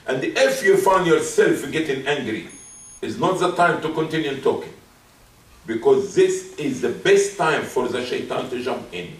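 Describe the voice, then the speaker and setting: A man's voice: on the high side, expressive, a little slow. A man preaching a Friday sermon, emphatic and repeating his key points. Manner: acts out soft apologetic asides. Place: mosque hall. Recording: roomy, distant mic.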